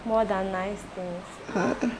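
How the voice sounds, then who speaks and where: A young woman speaking slowly and softly as an interview guest, full of emotion. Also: medium pitch, steady tone, a little hiss or hum, low-quality recording.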